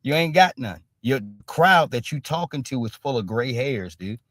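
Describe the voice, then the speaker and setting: A man's voice: medium pitch, lively intonation, normal speed, fairly bright tone, no room sound. A man hosting a casual live-stream commentary, blunt and profane, who keeps punctuating his points with a tag question. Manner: emphatic, keeps punctuating with "all right?"; blunt and profane street talk.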